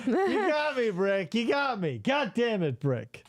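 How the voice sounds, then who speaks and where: A man hosting a comedy podcast, reacting to old TV ads with animated joking and swearing. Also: high voice, a little slow, vocal fry. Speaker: podcast host. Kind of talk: casual comedic commentary.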